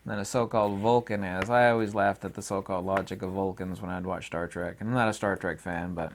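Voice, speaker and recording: A man talking alone in a rambling philosophical monologue, sardonic and laughing at his own jokes, acting out mock dialogues and swinging from quiet mutters to loud exclamations. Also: sits low, fairly even intonation, a little fast, vocal fry, noisy background. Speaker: channel host.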